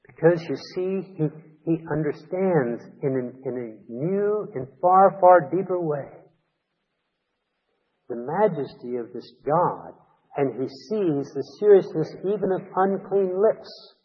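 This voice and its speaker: A man's voice: fairly high pitch, lively intonation, slow, breathy edge. A man preaching a sermon as a pastor, earnest and emphatic, repeating key words for weight. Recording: long reverb, dull lo-fi sound.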